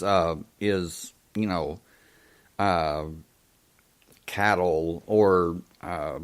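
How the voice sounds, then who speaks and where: A man hosting a live show monologue, halting and full of ums and restarts, with an indignant, emphatic way of talking. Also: low voice. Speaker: host.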